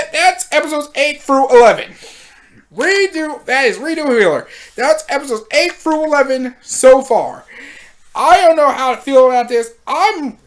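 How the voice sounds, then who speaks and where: A woman recapping anime episodes in casual commentary, with slangy and animated storytelling. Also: on the high side. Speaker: anime reviewer.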